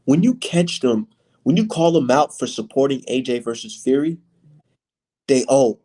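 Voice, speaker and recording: A man's voice: medium pitch, animated, moderate pace, mellow. A man hosting a casual boxing livestream, ranting with heavy profanity.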